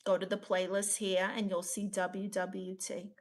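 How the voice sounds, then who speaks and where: A woman's voice: mid-range voice, little pitch movement, a little slow. A woman with a Brooklyn accent hosting a casual comedic livestream, reading chat aloud, laughing often and joking around. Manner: playful, laughs often, trying silly accents.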